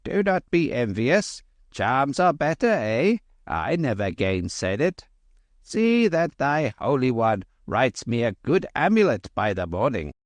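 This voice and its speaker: A proud, bossy old grandmother from a storybook, played by a male narrator. Her voice is lifted well above his own and the delivery is slow and commanding, recorded dry and close. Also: mid-range voice, big pitch swings, no echo, voice pushed up. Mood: teasing. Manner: commanding, chuckling asides. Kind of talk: audiobook character voice.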